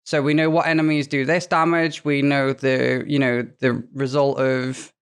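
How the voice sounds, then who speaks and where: A woman with a smooth, rumbling low voice, speaking at normal speed, is a podcast guest sharing gaming stories in casual chat. She tells them with animation, swears freely and acts out quotes.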